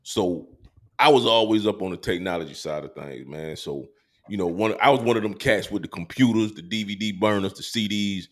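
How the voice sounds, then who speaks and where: A man hosting a casual podcast, his voice sitting on the low side. He talks loosely and meanders through his stories, dropping plenty of fillers along the way. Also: brisk. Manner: relaxed, meandering storytelling with many fillers. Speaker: podcast host. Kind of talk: casual chat.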